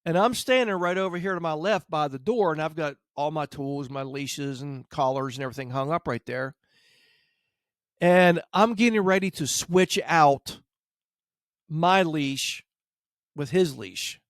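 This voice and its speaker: A man with a somewhat high voice tells a story in a relaxed podcast chat and acts out the lines of the people in it. The sound is dry and close, with no room echo. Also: unhurried. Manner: animated anecdote, acts out quotes. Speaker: dog trainer, podcast host.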